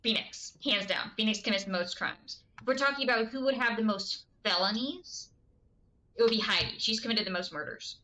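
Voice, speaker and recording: Bright-voiced chatty woman streamer. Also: on the high side, fairly quick. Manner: chatty, giggly, answers chat. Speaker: game streamer. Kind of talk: casual live-stream chat.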